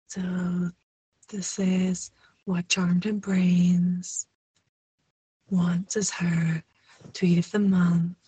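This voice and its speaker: A woman's voice: on the low side, little pitch movement, drawn-out words, long pauses, mellow, slightly rough, no echo, rough recording. A woman in casual podcast chat, breezy and enthusiastic.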